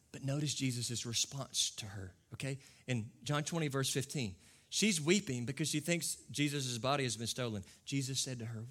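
A man's voice: mid-range voice, lively intonation, moderate pace, fairly bright tone. A man pastor preaching a conversational sermon to his congregation. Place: church service with a congregation.

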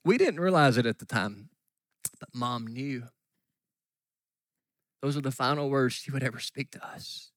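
A middle-aged man preaching a sermon, telling a story earnestly and dropping at times to soft near-whispers. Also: mid-range voice, animated, a little slow, long pauses, no echo. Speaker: pastor.

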